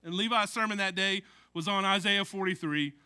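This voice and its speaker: Bright, high-voiced male preacher. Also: normal speed, clean tone. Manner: conversational preaching with jokes and frequent "right?" asides. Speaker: pastor. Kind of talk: sermon.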